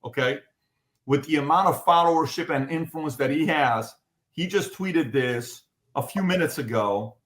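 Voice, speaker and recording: Guy hosting a panel, urgent and pushy, voice a bit high, echoey room. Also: moderate pace. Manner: urgent, emphatic, leading the discussion. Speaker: podcast host. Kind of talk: panel discussion.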